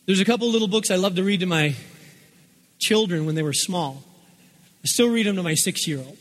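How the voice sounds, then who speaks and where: A middle-aged man preaching a sermon as pastor, emphatic and repetitive, swinging between loud passages and hushed ones. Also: sits high, a little fast, pauses often. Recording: long reverb of a large hall.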